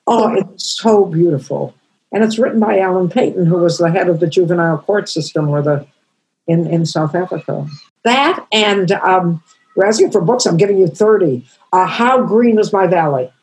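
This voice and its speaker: A woman in her eighties, a comedian guest, telling stories in an emotional, halting way. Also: on the low side, darkish tone, husky, poor audio. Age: 80s. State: crying. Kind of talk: storytelling interview answers.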